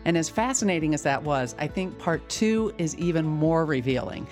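A woman's voice: low-pitched, animated, moderate pace, a little mellow, soft background music. A woman hosting an interview, recalling her own experiences in a reflective way and then wrapping up the episode. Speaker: host. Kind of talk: interview and closing wrap-up.

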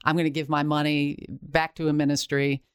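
A woman's voice: sits low, level tone, moderate pace, clear, resonant tone, no echo, clean studio sound. A woman hosting an interview who asks probing follow-up questions. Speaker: host, interviewer. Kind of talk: interview conversation.

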